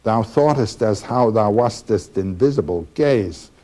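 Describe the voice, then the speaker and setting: A man reading the archaic lines of a stiff, ghostly male figure with measured dignity. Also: fairly low pitch, expressive, mellow. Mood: dignified.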